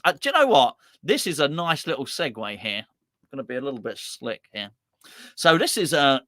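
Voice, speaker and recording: A man hosts a live fan stream, reading out viewers' score predictions with quick jokes and asides. His voice sits a little high and rings bright and forceful. The sound is dry and close, with no room around it. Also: no echo. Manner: chatty, jokey, lively, reading out names. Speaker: host of a fan channel.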